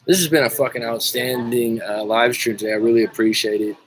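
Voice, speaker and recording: Male life coach, livestream host, mid-pitched voice, jokey, swears freely, loose rambling delivery. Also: fairly even intonation, fairly quick, poor audio. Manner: joking, profane, rambling with restarts. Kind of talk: casual livestream talk, reading viewer comments.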